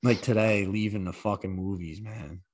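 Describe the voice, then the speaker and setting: A low-voiced man in his thirties co-hosts a casual podcast chat. He tells stories with plenty of swearing and lively, animated delivery. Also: moderate pace, dry recording. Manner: profane, animated storytelling. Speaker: podcast co-host.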